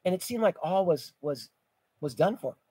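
A man's voice: high voice, animated, moderate pace, warm tone, slight background noise, low-quality recording. A middle-aged man preaching a sermon as pastor, telling vivid stories, his voice rising and falling in volume. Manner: storytelling preacher, rises and drops in volume.

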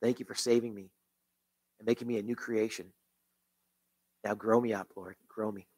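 A man's voice: lowish voice, little pitch movement, moderate pace, darkish tone, breathy edge. A man pastor leading a closing prayer in church, earnest, with repeated phrases and restarts. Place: church sanctuary.

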